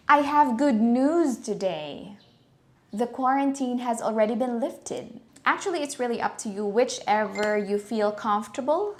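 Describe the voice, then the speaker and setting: A woman with a Filipino accent giving a casual pronunciation lesson, enunciating each word slowly and deliberately and mixing in Tagalog asides. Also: on the high side, lively intonation. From Philippines. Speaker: pronunciation teacher.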